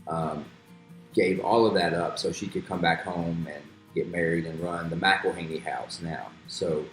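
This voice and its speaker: Deep-voiced man interviewing, roomy sound. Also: steady tone, unhurried, a bit bright. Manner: friendly, rambling with fillers. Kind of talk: casual interview. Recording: roomy echo with faint music.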